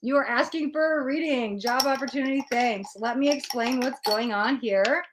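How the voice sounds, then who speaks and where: A woman's voice: high voice, moderate pace, background noise. A young woman hosting a live tarot stream, talking earnestly and with lots of feeling to her chat about letting go of control. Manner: earnest and animated, acts out her own panicked thoughts. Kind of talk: casual spiritual talk to a live chat.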